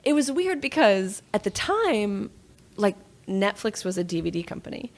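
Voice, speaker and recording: A woman's voice: medium pitch, big pitch swings, normal speed. A woman writer chatting casually as a podcast guest, self-deprecating and laughing often. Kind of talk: casual interview chat.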